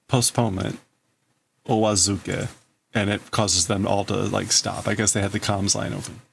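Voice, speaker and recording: A man's voice: fairly low pitch, vocal fry, fairly bright tone. A man hosting a livestream, casually translating a manga aloud and thinking through each wording as he goes. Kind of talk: casual live translation commentary.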